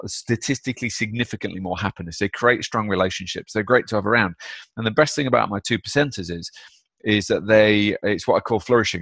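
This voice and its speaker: A man's voice: fairly low pitch, no echo. Chatty man, dry close sound. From United Kingdom. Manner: energetic, blunt, chatty, sweary. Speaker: guest author. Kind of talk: casual chat, storytelling.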